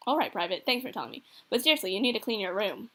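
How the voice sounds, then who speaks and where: A woman's voice: medium pitch, sing-song, rapid-fire, bright, forceful tone, exaggerated voice. A woman voicing a goofy, teasing middle-aged single father from a visual novel. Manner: joking, corny dad teasing.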